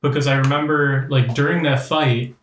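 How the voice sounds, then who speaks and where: A man's voice: medium pitch, normal speed, far from the mic, slight background noise. Man talking a bit off-mic in a roomy space. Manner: animated, acts out quoted exchanges. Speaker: podcast co-host. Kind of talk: casual storytelling chat.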